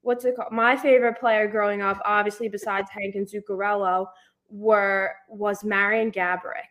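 A young woman co-hosting a casual podcast chat, telling animated stories and acting out what people said. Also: medium pitch, moderate pace. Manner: animated storyteller acting out quotes. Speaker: podcast co-host.

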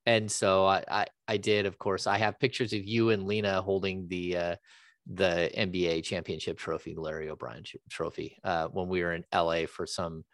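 Low-voiced man hosting a podcast. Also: level tone, fairly bright tone, no echo. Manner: halting, many restarts and fillers. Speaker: podcast host. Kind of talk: casual sports podcast chat.

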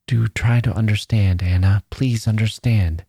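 A nervous man in love speaks in a rushed, trembling hush, as the male narrator puts him on. His voice stays low and dark, and he hurries his imploring words. The storybook recording is close and dry. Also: steady tone, creaky, breathy edge, dry recording, heavily acted. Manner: hurried, half-whispered imploring.

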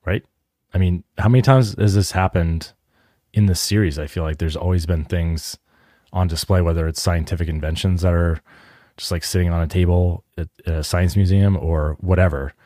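Low-voiced chatty podcast man. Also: steady tone, moderate pace, warm tone, dry recording, clean studio sound. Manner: chatty, many filler likes. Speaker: podcast co-host. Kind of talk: casual chat.

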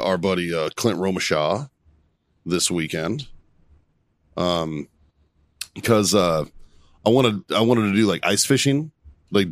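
A deep-voiced male podcast host chatting casually. He rambles, restarts his sentences and swears constantly, recorded dry and close. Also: no room sound. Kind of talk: casual chat.

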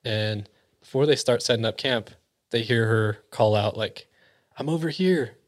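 A man casually telling a spooky story among friends, acting out the quoted voices and often dropping to a hushed near-whisper. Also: on the low side, fairly even intonation, normal speed.

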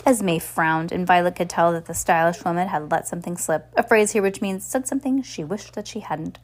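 A woman's voice: fairly low pitch, a little fast. A woman reading a children's novel aloud, plainly, with frequent slips and restarts. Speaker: audiobook reader.

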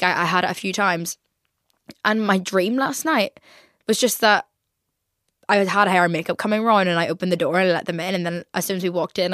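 A young woman in her twenties with an English accent hosts a podcast, chatting casually and rambling with lots of "like." Her lowish, slightly bright voice is studio quality with no room sound.

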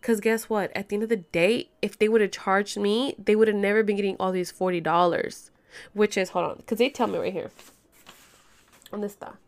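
A woman's voice: medium pitch, fairly even intonation, moderate pace. Venting young woman ranting to her viewers. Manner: venting, ranting, swears freely; fillers like "like" and "you know". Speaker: vlogger. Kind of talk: casual storytime vlog. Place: home bedroom.

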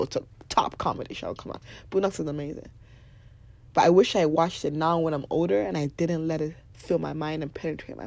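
A young woman hosting a podcast, giving blunt, animated motivational talk, swearing freely and laughing often. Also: on the low side, creaky, no echo. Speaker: podcast host.

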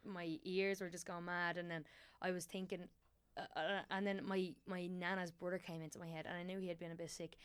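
A woman's voice: fairly low pitch, flat delivery, a little fast, clean tone, no echo. A young Irish woman chatting casually as a podcast guest, rambling with many fillers and restarts.

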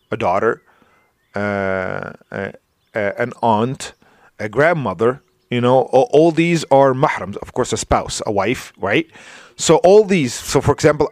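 A male Islamic preacher giving a conversational religious lecture, often asking "right?" and filling pauses with "you know" and restarts. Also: mid-range voice, dry recording, clean studio sound. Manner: informal, checks in with "right?" and "you know", many fillers and restarts.

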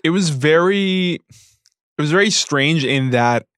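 A man co-hosting a sports podcast, speaking haltingly and searching for words with many fillers. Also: on the high side, animated, a bit bright, clean tone, dry recording, clean studio sound. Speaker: podcast co-host. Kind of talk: casual sports chat.

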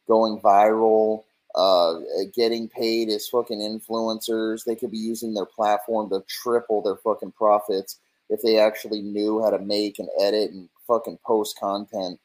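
Man in casual stream rant, slightly low pitch, rambling and foul-mouthed, mocking tone. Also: a little mellow, low-quality recording.

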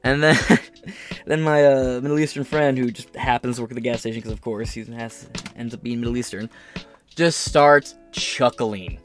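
A podcast host with a medium-pitched, fairly even voice offers casual, sarcastic commentary on a news article at a moderate pace, over soft background music. He swears freely and wanders off into rambling stories.

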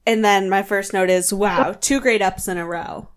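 A woman's voice: medium pitch, moderate pace. A woman co-hosting a podcast, recapping a reality show in casual chat, reading from her notes with a sarcastic edge. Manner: sarcastic, reads from her notes, mock-dramatic asides. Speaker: podcast co-host.

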